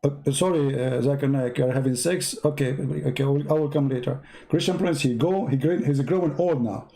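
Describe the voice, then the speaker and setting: A man's voice: mid-range voice, a little fast, gravelly, mellow. A man with an Arabic accent, a native Arabic speaker, giving sarcastic religious commentary in broken English. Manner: sarcastic, broken grammar, repetitive counting. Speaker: host.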